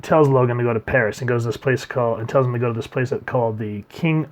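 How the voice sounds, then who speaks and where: A man reviewing a comic book in casual chat, rambling and trailing off quietly at the ends of his sentences. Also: fast talker. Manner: rambling, trails off quietly at line ends, reads quotes in a low murmur.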